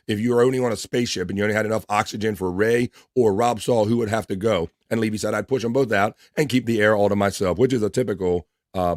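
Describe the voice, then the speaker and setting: On a casual livestream, a lowish-voiced man from the US East Coast reads viewers' messages and greets each by name, keeping things loose and profane. The clean studio audio has no echo.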